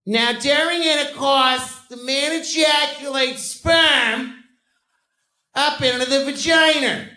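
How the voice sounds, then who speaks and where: A man doing a shrill, crude old schoolteacher lady. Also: slow, echoey room, full character voice. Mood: blunt shouting. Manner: shrill, blunt, shouting. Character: crude, loud older female schoolteacher from Boston.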